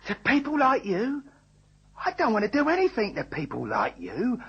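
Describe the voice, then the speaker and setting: An actor playing a menacing armed robber with a Cockney accent, in a vintage radio drama. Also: male voice, sits high, wildly swooping pitch, moderate pace, a bit bright, slightly rough, heavily acted. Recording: dull lo-fi old radio recording.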